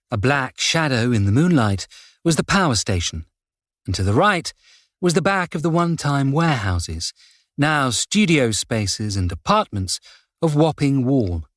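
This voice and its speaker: A man narrating a crime thriller audiobook in a measured, steady way. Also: mid-range voice, no echo, clean studio sound. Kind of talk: scripted narration.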